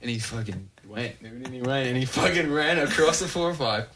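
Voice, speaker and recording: A man's voice: mid-range voice, a little fast, noisy background. A man telling a story on a podcast, casual and profane, acting out the voices of the people in it. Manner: animated, profane, acts out voices in his stories. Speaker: podcast guest.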